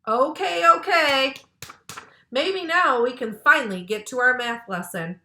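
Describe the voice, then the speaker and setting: Woman reading as a brisk male schoolteacher. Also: on the high side, very animated, sharp tone, slight background noise, full character voice. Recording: roomy echo.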